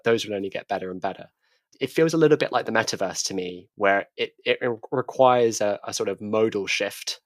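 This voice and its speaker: A man's voice: lowish voice, a bit bright, no echo. A man co-hosting a tech podcast, talking thoughtfully and often restarting his words. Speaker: podcast co-host. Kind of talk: casual tech discussion.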